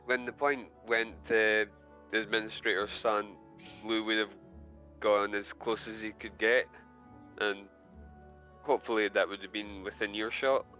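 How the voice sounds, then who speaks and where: A man playing a tabletop game, explaining his character's moves slowly and deliberately. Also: lowish voice, steady tone, pushed and bright, dull audio, faint music behind. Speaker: player. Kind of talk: casual tabletop game play.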